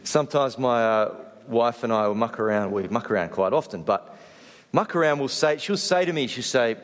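A man preaching a sermon, animated in his stories and dropping soft to stress a point. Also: mid-range voice, moderate pace, in a large hall. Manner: animated storytelling, drops soft for emphasis. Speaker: pastor.

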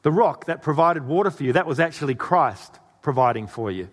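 A man's voice: a little high, animated, a little fast. A man preaching a sermon, telling a story and asking the audience questions. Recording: long reverb in a hall.

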